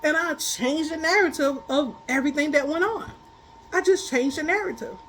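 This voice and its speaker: A woman tarot reader chatting casually about spiritual lessons, animated and blunt, laughing often as she tells stories. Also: high voice, moderate pace, a little hiss or hum, rough recording. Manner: blunt, colloquial.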